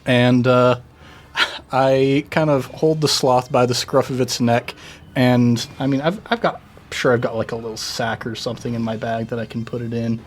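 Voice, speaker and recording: A man playing a tabletop game, calmly and in detail describing what his character does. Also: mid-range voice, normal speed. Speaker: player. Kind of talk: casual tabletop game play.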